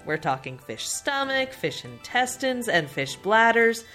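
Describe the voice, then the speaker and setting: A woman's voice: on the high side, very animated, measured pace, sharp tone. A woman co-hosting a food history podcast, reading her scripted parts in a matter-of-fact way. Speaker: podcast co-host. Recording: faint music underneath.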